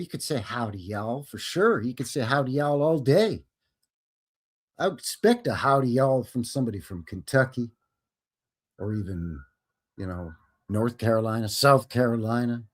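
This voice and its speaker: A man hosting a live stream in an easygoing, rambling way, cracking jokes and drifting off on tangents. His mid-pitched voice rises and falls in wide, animated swings. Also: breathy edge. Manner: joking, rambling, slips into silly voices. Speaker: host. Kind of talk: casual live-stream chat.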